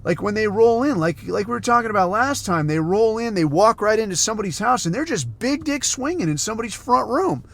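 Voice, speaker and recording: A man's voice: high-pitched, animated, brisk, creaky, few pauses. A man from the United States, hosting a podcast and ranting in a heated, profane, sarcastic way. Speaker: podcast host.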